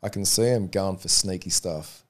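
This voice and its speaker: A man's voice: low-pitched, moderate pace. A man, a referee guest talking frankly and easily, often repeating words as he thinks. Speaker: MMA referee, interview guest. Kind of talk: casual interview chat.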